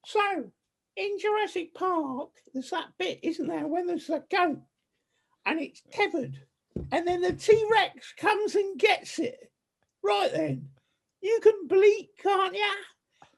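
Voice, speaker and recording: A man's voice: very high-pitched, slow, vocal fry, pitched above the performer's own voice, full character voice. A man imitating a brash young woman producer with an Essex accent, chirpy and coaxing. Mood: cheeky. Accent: Essex, put on.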